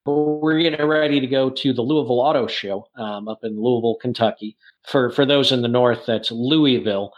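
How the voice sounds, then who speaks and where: A man's voice: mid-range voice, steady tone, brisk, few pauses, highs cut off. A man co-hosting a podcast, explaining things in detail in a casual, informative way, with frequent small restarts. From Northern United States. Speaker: podcast co-host, car museum expert.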